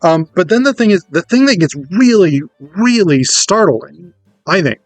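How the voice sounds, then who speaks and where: Chatty, animated man explaining theatre. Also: high voice, a little slow, no echo, soft background music. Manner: animated, chatty, swears casually. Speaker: theatre educator. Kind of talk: casual explanatory lecture.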